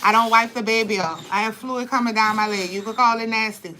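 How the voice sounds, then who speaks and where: A young woman talks straight to her viewers with blunt, profane, animated storytelling. Her voice sits a little high and sounds bright and forceful. A faint hiss runs behind her. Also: fairly quick, poor audio. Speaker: vlogger, birth advocate. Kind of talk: candid casual talk to camera.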